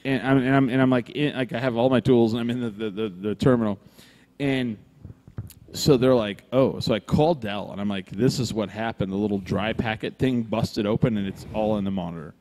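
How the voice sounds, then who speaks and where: Speaking a little fast in a fairly low voice, a podcast co-host is recorded live in a brewery room, with long reverb and slight background noise. His rambling story is casual and animated, full of free swearing and acted-out quoted voices.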